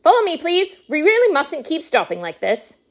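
A woman voicing an eccentric, excitable male candy maker in a storybook read-aloud, talking in a bouncy, bossy way. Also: sits high, moderate pace, pitched above the performer's own voice, full character voice. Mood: triumphant.

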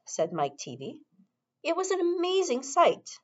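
A woman narrating a children's novel aloud in an expressive reading style. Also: mid-range voice, a little slow. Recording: dull lo-fi recording.

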